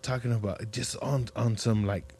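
A man's voice: mid-range voice, steady tone, normal speed, creaky, a little mellow, husky. A man hosting a podcast in casual chat, a slangy, profane storyteller who acts out the people he quotes. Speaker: podcast host.

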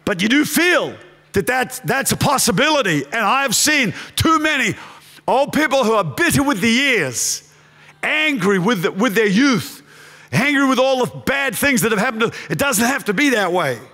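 A middle-aged man preaching a sermon as a pastor, impassioned, swinging from shouts to hushed storytelling. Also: very high-pitched, very animated, normal speed. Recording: long hall reverb.

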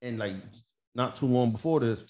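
Here a man with a mid-range voice, talking at normal speed, shares a work anecdote as a podcast co-host. The casual chat is full of profanity, and he animatedly acts out the dialogue as he goes.

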